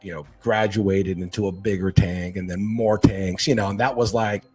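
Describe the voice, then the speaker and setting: A middle-aged man from Hawaii telling casual stories about his life, animated and acting out what his family said. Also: deep voice, normal speed, husky, soft background music. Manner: animated, acts out family quotes. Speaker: podcast guest. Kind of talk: casual storytelling chat.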